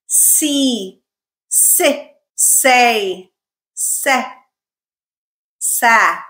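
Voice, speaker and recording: A woman's voice: medium pitch, a bit bright. A woman teaching English pronunciation, carefully modeling each word three times for learners to repeat. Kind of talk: pronunciation lesson with repeat-after-me drills.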